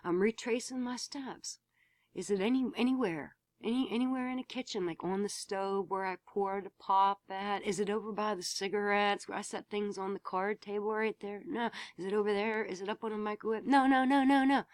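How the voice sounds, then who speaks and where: A woman speaks straight to her camera from home, telling a story in a loose, blunt way. She swears freely and repeats words when she gets worked up. The sound is dry, with no room echo, and her pitch sits in the middle. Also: steady tone, a little fast. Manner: blunt, swears freely, repeats herself, rising to emphatic outbursts. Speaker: vlogger.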